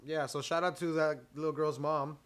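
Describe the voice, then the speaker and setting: A man trading casual jokes with his co-host on a podcast. His voice sits a little high and sounds bright and crisp, with a teasing edge. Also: little pitch movement, moderate pace. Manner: teasing, joking banter. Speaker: podcast co-host, band member.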